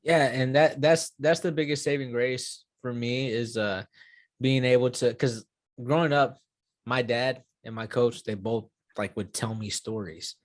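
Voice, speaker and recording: A man's voice: medium pitch, fairly even intonation, a little slow, dry recording. A young man in his twenties talking casually in an interview, rambling with many fillers and restarts and swearing now and then. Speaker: UFC fighter.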